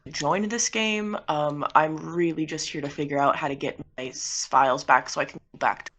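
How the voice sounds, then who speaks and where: A woman playing a tabletop game, joking around in quick banter. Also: low-pitched, fairly bright tone. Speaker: player. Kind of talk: tabletop role-play.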